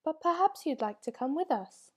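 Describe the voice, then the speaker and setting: Moomin Mama, a woman doing a calm troll mother. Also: high voice, normal speed, pitched above the performer's own voice. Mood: soothing. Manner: reassuring and motherly.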